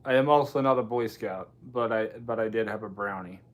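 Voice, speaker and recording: A man's voice: lowish voice, a little fast. A man hosting a casual late-night livestream, loosely answering viewers' comments. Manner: relaxed, answering chat comments, yawning. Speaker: livestream host.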